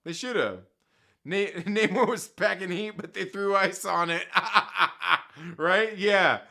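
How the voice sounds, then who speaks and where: His voice sits high, gravelly and sharp, and he takes it slowly. A dad hosting a live stream, he chats casually, reads out viewer comments, and laughs often at his own slangy, profane jokes.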